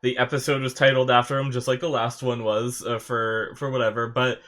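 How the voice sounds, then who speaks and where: A young man reacting to an anime episode in casual commentary, excitable and emotional, swearing and laughing, his nose stuffy from crying. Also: mid-range voice, fairly quick.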